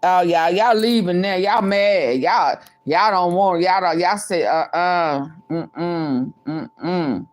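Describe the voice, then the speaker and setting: A woman vlogger with a lowish voice talks unhurriedly but with hardly any pauses, chatting to her live viewers. Her casual livestream commentary is chatty and repetitive, and she addresses the audience directly.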